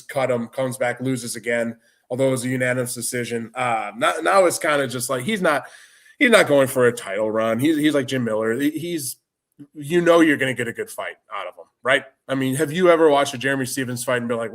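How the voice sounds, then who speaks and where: A man's voice: medium pitch, a bit bright. A man co-hosting a casual podcast, rambling and laid-back with many restarts. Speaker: podcast co-host. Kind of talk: casual chat.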